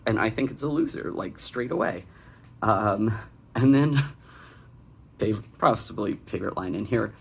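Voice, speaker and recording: Sarcastic young man with a gravelly voice. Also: lowish voice, animated, a little slow, pauses often. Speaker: fanfic critic and host. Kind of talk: comedic reading and critique.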